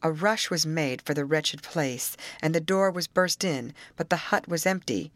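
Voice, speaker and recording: A woman narrating an audiobook in a measured, even storytelling manner. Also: low-pitched, dry recording.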